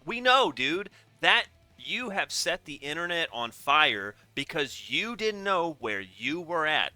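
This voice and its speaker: Man, bright sharp voice, dry close mic, sarcastic rambling reaction commentary. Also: on the high side, big pitch swings, takes it slowly, few pauses, dry recording, faint music behind. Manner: rambling, sarcastic, gets worked up. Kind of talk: casual profane reaction commentary.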